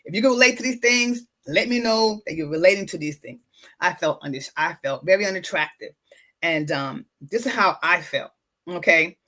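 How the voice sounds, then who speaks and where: Her voice is lowish, pushed and bright, with a moderate pace. This woman, a podcast host and wellness coach, talks casually and emphatically to motivate, often repeating her words and addressing her listeners directly.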